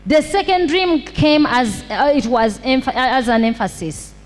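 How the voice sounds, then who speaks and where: High-voiced woman preaching slowly. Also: animated. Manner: slow, repetitive emphatic preaching with rhetorical questions. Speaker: pastor. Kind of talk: sermon. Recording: long hall reverb.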